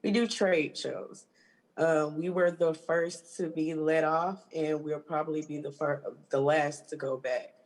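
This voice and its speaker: A woman from Georgia, a union stage hand, speaking haltingly and emotionally on a video call. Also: sits low, fairly even intonation, a little mellow, rough recording. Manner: halting, emotional, with many restarts.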